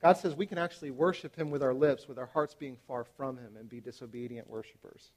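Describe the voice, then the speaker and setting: A man in his thirties preaching to parents, animated and emphatic, with frequent fillers and restarts. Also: medium pitch, a little fast. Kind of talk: sermon to parents.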